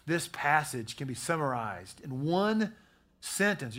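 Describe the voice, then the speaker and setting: A man preaching a sermon as pastor, repeating key phrases for emphasis and growing hushed in prayer. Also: on the high side, lively intonation, normal speed. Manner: preaching with emphatic repetition, dropping soft at prayer.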